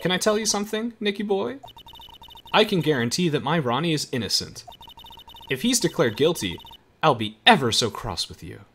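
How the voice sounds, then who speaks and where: A man's voice: a little high, very animated, a bit bright, slight background noise. A man voicing a flamboyant, free-spending wife with a sweet, coaxing manner. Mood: coy. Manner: sweet, coaxing, drawn-out phrasing.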